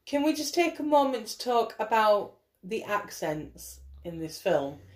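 A woman in casual film chat, quick to pick at the film's flaws. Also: on the high side, very animated, darkish tone.

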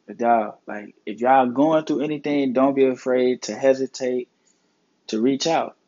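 Warm and unhurried, a mid-range male voice with a steady tone hosts a podcast about life and mental health. The talk is casual and motivational, earnest yet packed with swearing and slang, and the sound is lo-fi.

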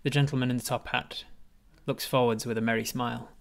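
A man's voice: mid-range voice, level tone, brisk, gravelly. A man acting as game master, narrating a tabletop game with vivid description.

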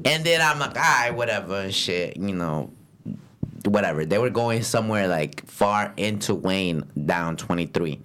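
A young man telling a story in a casual, profane chat, swinging into loud acted-out quotes. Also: low voice, animated, unhurried, clean tone. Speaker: podcast co-host and rideshare driver.

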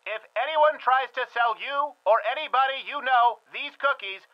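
Mock warning announcer played by a man: very high-pitched, grave official read, tinny phone-like audio. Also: normal speed. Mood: mock-serious. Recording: dull tinny phone-like sound.

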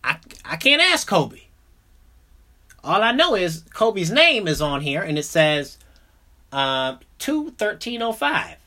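A young man hosting a podcast, telling a comedic story casually, full of swearing, dropping into mumbled asides and jumping up into loud outbursts. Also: sits high, slow pace. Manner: animated, profane, jumps between mumbling asides and loud outbursts. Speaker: podcast host.

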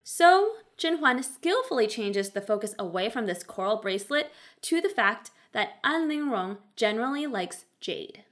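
Female recap narrator, slightly high pitch, wry and sarcastic, conversational. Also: big pitch swings, normal speed, hardly any pauses, fairly bright tone. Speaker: drama recap commentator.

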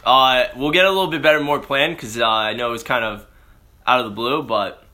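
A man's voice: mid-range voice, brisk, sharp tone. A man hosting a casual chat, laid-back and slangy, laughing often. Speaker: host.

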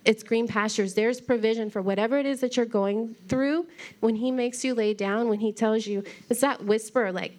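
A woman's voice: a little high, steady tone, moderate pace, a little mellow. Woman preaching in a chatty, earnest way. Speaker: pastor. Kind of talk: conversational sermon.

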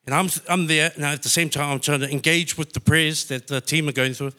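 A man's voice: a little high, steady tone, a little fast, sharp tone. A man from New Zealand telling a personal testimony in church, emotional and heartfelt. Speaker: church member sharing testimony.

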